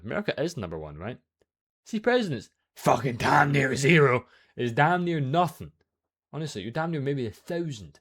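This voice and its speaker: A man's voice: mid-range voice, very animated, brisk. A young man hosting a reaction video, ranting heatedly with plenty of swearing.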